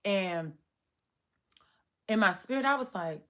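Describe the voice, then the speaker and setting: A woman in her thirties telling a personal story to the camera, animated and acting out her own past reactions. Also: mid-range voice, slow. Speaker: vlogger. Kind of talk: storytime monologue.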